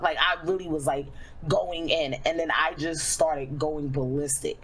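Young woman, very low voice, streamer, candid personal story, casual fillers, slows when reflective. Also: pushed and bright, slight background noise, rough recording.

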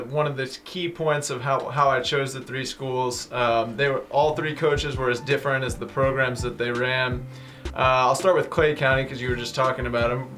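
A man who is an author, a guest in a radio studio, answering interview questions in an earnest, steady storytelling way. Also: mid-range voice.

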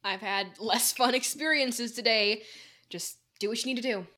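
A battered teenage girl who answers everything with dry sarcasm, read by a teenage girl. The voice sits fairly high and the delivery stays deadpan. It is an amateur audiobook. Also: moderate pace. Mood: wry. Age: teens. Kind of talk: amateur audiobook character reading.

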